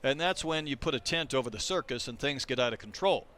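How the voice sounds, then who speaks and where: A man doing live play-by-play baseball commentary, calling pitches and chatting between them. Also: expressive, fast, pushed and bright. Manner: conversational, calls pitches between chatty stories. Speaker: play-by-play announcer.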